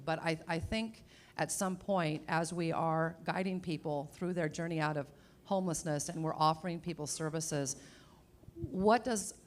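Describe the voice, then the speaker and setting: A woman serving as mayor, speaking at a public panel in a measured, reflective way, often posing questions. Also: lowish voice. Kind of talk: panel discussion remarks.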